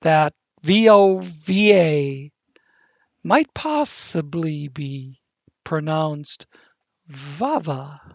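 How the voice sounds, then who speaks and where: A man's voice: on the high side, expressive, extremely slow, darkish tone, dry recording, dull audio. A man hosting his gaming channel, rambling through gameplay commentary with self-corrections and crude asides. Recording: game vehicle engine noise underneath.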